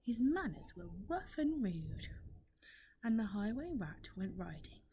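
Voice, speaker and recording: Softly whispering teacher reading aloud. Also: female voice, on the high side, big pitch swings, measured pace, slight background noise. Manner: hushed, gentle, asides to a listener. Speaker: primary school teacher.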